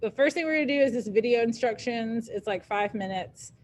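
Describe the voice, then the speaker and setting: Woman, Southern US accent, teacher, casual classroom talk, relaxed filler-heavy delivery, mid-pitched voice. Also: normal speed, few pauses, slight background noise. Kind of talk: classroom instruction.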